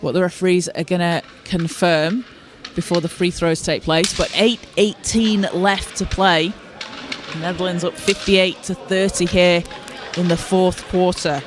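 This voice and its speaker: A male play-by-play commentator calls a basketball game live from courtside. His voice sits high for a man, and his delivery is steady and informative. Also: a little slow, background noise. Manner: steady, informative, with occasional restarts.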